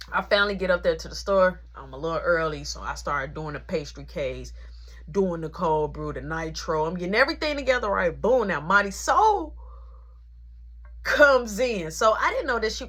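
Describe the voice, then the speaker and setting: A woman's voice: fairly low pitch, a bit bright, husky. A woman telling a rambling work story in a casual, slangy way, acting out the back-and-forth of the people in it. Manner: slangy, rambling, acts out quoted dialogue.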